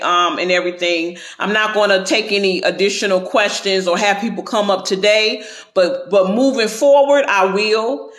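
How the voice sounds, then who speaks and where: A high, bright-voiced man talks into his phone on a casual livestream. He is chatty and encouraging and keeps calling on his viewers. His talk is full of faith, and the room around him rings with echo. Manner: sprinkles talk with faith and praise. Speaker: livestream host. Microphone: phone, going live.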